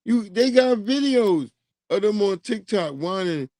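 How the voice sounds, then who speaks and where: A man's voice: high voice, lively intonation, measured pace, a little mellow, no room sound, studio quality. A man hosting a livestream, ranting profanely in casual commentary and laughing through it. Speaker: livestream host.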